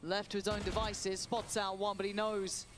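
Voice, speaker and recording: A man casting an esports match, calling plays in flowing, excitable commentary. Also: sits high, normal speed, background noise.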